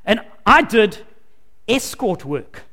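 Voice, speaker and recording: A man's voice: high-pitched, very animated, slow, bright, forceful tone, exaggerated voice. Brazen flirt, as a preacher puts her on. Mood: suggestive.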